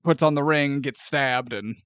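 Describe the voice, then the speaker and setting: A man co-hosting a casual film review podcast, laughing often and talking with lively energy. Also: mid-range voice, a little slow, clear, resonant tone, no echo. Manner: animated, laughing often, acting out characters' lines. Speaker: podcast co-host.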